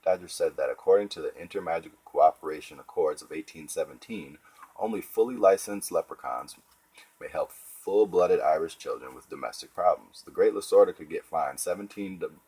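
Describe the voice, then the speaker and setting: A man's voice: low-pitched, fairly quick, dark tone, slightly rough. A man playing a bossy know-it-all schoolgirl. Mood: matter-of-fact. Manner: matter-of-fact, bossy.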